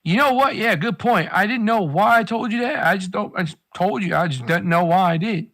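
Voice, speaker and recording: Man, slightly higher voice, casual chat, rambling and profane, advice-giving. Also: a little fast, fairly bright tone.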